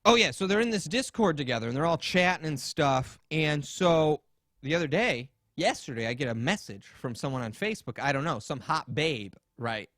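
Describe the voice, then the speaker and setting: A man's voice: a little high, lively intonation, normal speed, a bit bright, no room sound, studio quality. A man hosting a podcast, telling a story in casual, rambling chat, swearing and acting out quotes. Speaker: podcast host.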